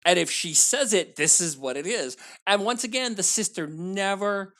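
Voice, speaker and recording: A man joins a film podcast as a guest, and he talks with emphatic, animated energy. His pitch swings widely as he makes his points, and he chimes in often to agree. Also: normal speed. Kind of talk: casual film discussion.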